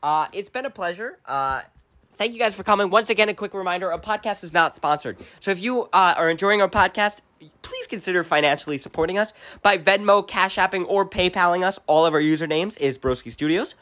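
Young guy on a podcast telling a story, does little voices for everyone, super animated. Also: high-pitched, fairly quick, dry recording. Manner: animated, acts out voices in anecdotes. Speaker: podcast co-host. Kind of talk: casual storytelling chat.

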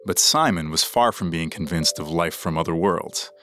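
A man narrating a scripted true story for a podcast in a measured, dramatic way. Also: deep voice, sharp tone, a little hiss or hum.

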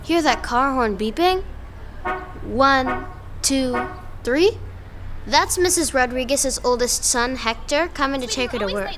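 A bright, curious girl detective. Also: high-pitched, expressive, unhurried. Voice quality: bright, eager narrating. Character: curious, brave 11-year-old girl detective. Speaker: voice actor. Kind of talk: audio drama acting. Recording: background ambience noise.

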